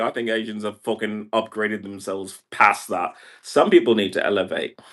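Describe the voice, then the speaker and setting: A man's voice: fairly low pitch, a little fast, hardly any pauses, fairly bright tone. A man from Brazil talking in a meandering livestream monologue, packing nearly every phrase with "like" and other fillers. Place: indoor room.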